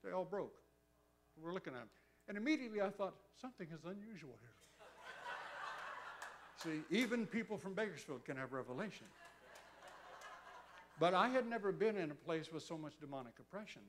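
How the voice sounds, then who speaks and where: A man preaching in a church with a fairly high voice. He tells a story in a lively way and jumps into other people's voices when he quotes them. It sounds like a live sermon heard from the floor. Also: fairly quick, long pauses. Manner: animated, acts out quotes with a raised excited voice.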